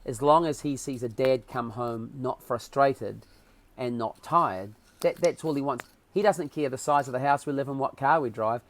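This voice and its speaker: A middle-aged man, a podcast guest telling personal stories in a lively, emotional way. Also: medium pitch, moderate pace. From New Zealand. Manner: animated, emotional storyteller who acts out quotes. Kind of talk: casual storytelling chat.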